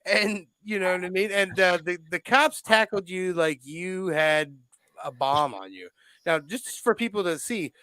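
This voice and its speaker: A man's voice: high-pitched, lively intonation, unhurried, bright, forceful tone, dry recording, studio quality. A young man co-hosting a podcast, telling a story in casual chat, swearing freely and jumping into quoted voices. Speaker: podcast co-host.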